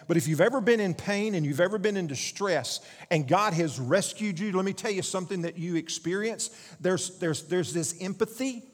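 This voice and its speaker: Male pastor, slightly high voice, sermon with building emphasis; hall reverb. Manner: reads scripture aloud with rising emphasis, asks the congregation questions.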